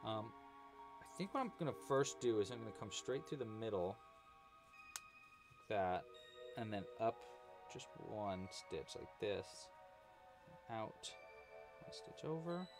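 A man hosting a casual crochet livestream, talking quietly to himself as he works and chatting with viewers, with faint music behind. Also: lowish voice, unhurried, pauses often. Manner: relaxed, murmurs to himself while working, chatty with viewers.

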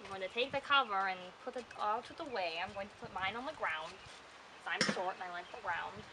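A woman's voice: mid-range voice, fairly quick. A woman demonstrating a recipe at an outdoor grill, chatting casually and joking with the food as she works. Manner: goofy, talks to the food. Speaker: home cook demonstrating a recipe. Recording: outdoor wind and ambient noise.

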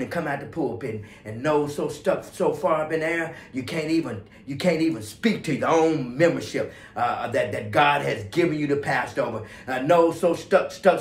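A male pastor preaching a fervent sermon, swinging from hushed passages to loud ones. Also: a little high, roomy sound. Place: church sanctuary.

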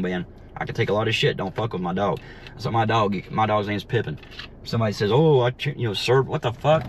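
A man ranting heatedly and mockingly while driving around, swearing constantly, recorded inside his car. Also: on the low side. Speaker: vlogger. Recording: faint road noise in a car. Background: faint vehicle noise.

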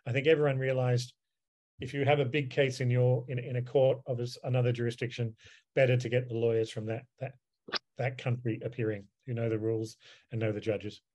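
A man gives a seminar talk over a video call, answering questions at length. He wanders through his points with ums and repeated words, in a voice of ordinary pitch for a man. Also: level tone, a little fast, a little mellow. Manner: discursive, with many fillers and repeated words. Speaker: seminar speaker, solicitor advocate.

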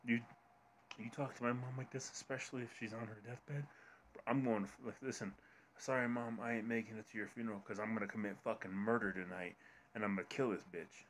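A man's voice: fairly low pitch, fairly even intonation, brisk, fairly bright tone, slight background noise. A man co-hosting a drama commentary, ranting furiously with heavy swearing. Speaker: commentary co-host. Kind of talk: angry reaction commentary.

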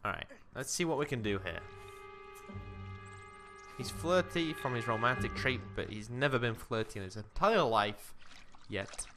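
A young man talks through his game in a lively, up-and-down voice, chatting to his character as he plays. Music plays clearly behind him. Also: medium pitch, moderate pace. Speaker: gaming commentator. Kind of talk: casual let's-play commentary.

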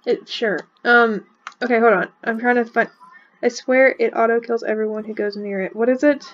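A young woman giving casual, excitable commentary over a video game, often breaking into laughter. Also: fairly high pitch, moderate pace, lo-fi sound. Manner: giggly, excitable, shrieks with laughter. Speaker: gaming vlogger.

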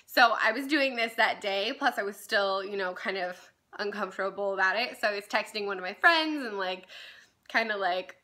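A woman's voice: mid-range voice, moderate pace, sharp tone. A young woman telling a personal story on her vlog in a casual, chatty way, full of "like" and "um" and little laughs at herself. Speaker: vlogger.

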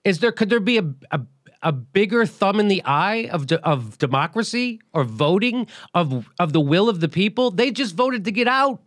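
A middle-aged male host delivers political commentary with blunt, profane emphasis. His voice sits a little higher than most men's and is very animated. It sounds dry and close, with no room echo. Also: normal speed. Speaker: show host.

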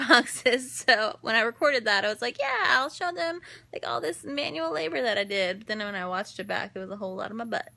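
Bright, chatty young woman vlogging. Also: medium pitch, gravelly. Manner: chatty, giggly, upbeat. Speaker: daily vlogger. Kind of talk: casual chat to camera. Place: living room at home, on a leather couch by a TV. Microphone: phone camera held close.

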